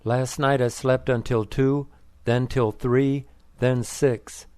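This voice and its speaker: A man's voice: medium pitch, fairly even intonation, slow pace, darkish tone, clean tone, no echo, natural voice. Frail breathless old dad, weary short replies, a man reads him in his own mid-range voice, dry close sound.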